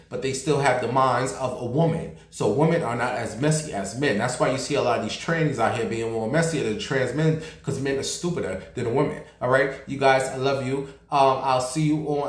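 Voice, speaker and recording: A man's voice: mid-range voice, roomy sound. A man hosting a casual gossip show, sassy, blunt and profane. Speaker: show host.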